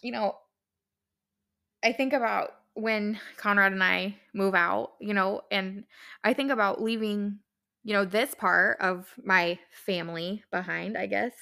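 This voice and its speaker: A woman's voice: medium pitch, fairly even intonation, measured pace, vocal fry, pushed and bright. A young woman hosting her own podcast, talking casually and heartfelt, rambling with many fillers and restarts. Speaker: podcast host. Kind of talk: casual solo podcast talk.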